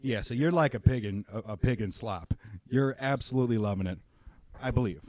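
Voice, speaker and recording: A man's voice: medium pitch, brisk, darkish tone, no room sound. A young man narrating a tabletop role-playing game as game master, in a loose, rambling way full of fillers.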